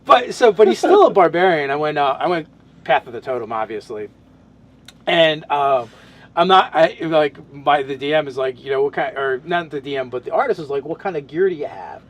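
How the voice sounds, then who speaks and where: A man's voice: a little high, lively intonation, a little fast. Rambling man chatting about his character. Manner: rambling, many restarts and fillers. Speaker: tabletop game player. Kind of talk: casual podcast chat.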